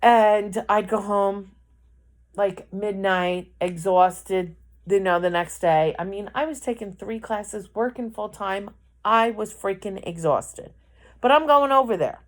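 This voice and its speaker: A woman telling a personal story out loud. Her delivery is emotional and rambling, with frequent false starts and repeated words as she works through what happened. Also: medium pitch, slow.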